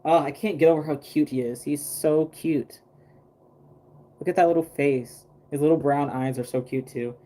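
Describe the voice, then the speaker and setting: A man's voice: on the high side, normal speed, mellow. A man chatting casually on a livestream while he paints a doll, rambling with lots of fillers and restarts.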